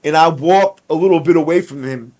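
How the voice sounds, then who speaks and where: A streetwise man telling a prison story on his podcast, casual and full of swearing. His voice sits a little higher than most men's. He slips into the voices of the people he quotes as he goes. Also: fairly quick, a little mellow.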